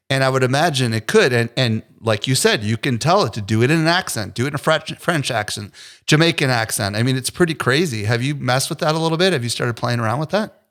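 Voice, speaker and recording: A man's voice: mid-range voice, lively intonation, quick pace, fairly bright tone. A man hosting a podcast, talking in an encouraging, conversational way. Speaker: podcast host. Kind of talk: casual interview conversation.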